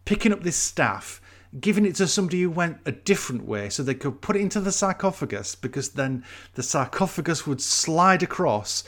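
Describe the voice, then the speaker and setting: A man's voice: medium pitch, a bit bright. A man, co-hosting a casual chat and explaining things at length with fillers.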